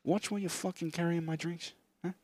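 A man voicing a hot-tempered Italian-American mob boss in a hushed, menacing growl. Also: fairly high pitch, fairly even intonation, brisk, no echo, close to an everyday voice.

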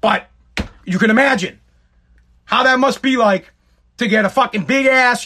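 A man's voice: very high voice, sharp tone. A middle-aged man telling a personal story in a rambling, emphatic way, full of swearing. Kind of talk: casual storytelling monologue.

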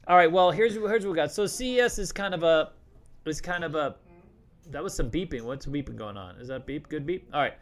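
A man's voice: on the high side, brisk. A man hosting a casual live stream, talking loosely and joking with lots of restarts. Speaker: host.

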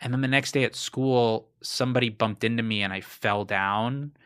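A man's voice: medium pitch, moderate pace, fairly bright tone, smooth. A man guest from South Florida, talking candidly in a rambling, storytelling way on a casual podcast. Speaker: guest, comedian.

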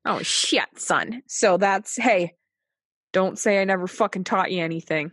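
A woman's voice: medium pitch, unhurried, a bit bright, no room sound, clean studio sound. A woman co-hosting a podcast in casual, jokey chat, swearing freely. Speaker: podcast co-host.

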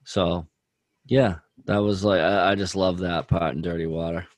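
A man's voice: deep voice, steady tone, moderate pace, dry recording. A man chatting casually about music, rambling with lots of "like" and "dude". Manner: rambling, heavy use of "like" and "dude".

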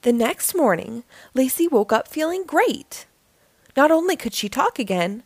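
A woman hosting a storytime, reading a children's book aloud in a lively, expressive way. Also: high-pitched, unhurried, dry recording. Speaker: storytime host.

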